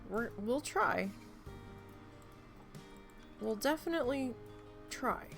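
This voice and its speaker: Gravelly-voiced woman streamer, rambling and chatty. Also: fairly high pitch, expressive, slow pace, soft background music. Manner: chatty, swears freely, rambling storyteller. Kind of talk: casual live-stream chat while playing.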